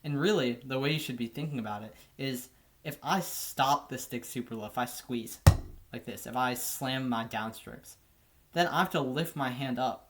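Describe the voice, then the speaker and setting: A man teaching drum technique in a relaxed, casual way, often checking in with "right?". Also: medium pitch, noisy background. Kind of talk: casual instructional explanation.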